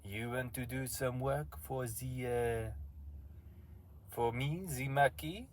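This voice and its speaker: A man's voice: mid-range voice, takes it slowly, slight background noise, lightly acted. A man voicing a haughty French-accented noblewoman who rules a town, with a clumsy, half-hearted French accent. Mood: courtly. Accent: put-on French.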